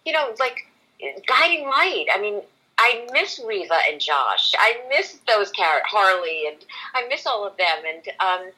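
A woman's voice: medium pitch, big pitch swings, unhurried, pushed and bright, husky, poor audio. A woman who works in voiceover, chatting eagerly as a podcast guest, full of "like" and "you know". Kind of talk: casual conversation.

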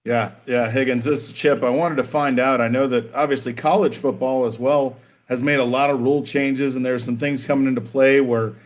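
A man co-hosts a casual sports podcast. He chimes in with an easygoing, relaxed manner. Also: medium pitch, fairly quick, hardly any pauses. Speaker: podcast co-host.

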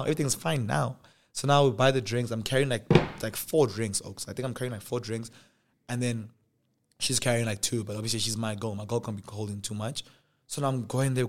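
Young South African male host, casual storyteller, lively delivery that jumps up for quoted lines. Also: medium pitch, brisk. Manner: animated, acts out dialogue in different voices. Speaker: podcast host.

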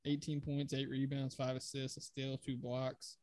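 A man in a relaxed podcast chat about basketball, speaking at an ordinary middle pitch. His voice is recorded close and dry, with no room sound around it. He keeps the conversation moving and rattles off statistics easily. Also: normal speed, dry recording. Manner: conversational, steers the talk, recites stats. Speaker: podcast co-host. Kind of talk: casual sports chat.

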